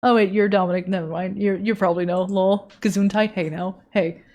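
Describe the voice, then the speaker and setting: A woman's voice: mid-range voice, steady tone, brisk, dark tone. A woman from the Netherlands chatting casually with her live-stream audience while she draws, playful and joking, swearing freely.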